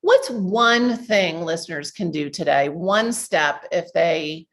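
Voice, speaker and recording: A woman's voice: lowish voice, animated, slow pace, a bit bright. A woman from New Jersey hosting a podcast interview, chatty and laughing often. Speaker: podcast host.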